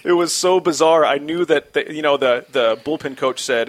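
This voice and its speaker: A man in his forties, a former pitcher, telling a story in a casual, animated way with many restarts. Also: normal speed.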